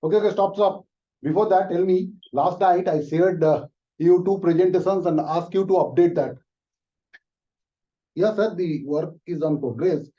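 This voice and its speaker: A man voicing an impatient, demanding office boss who talks loudly and in a hurry, with many fillers. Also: fairly high pitch, natural voice. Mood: scolding. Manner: loud, hurried, scolding, full of fillers. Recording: distant, muffled room recording.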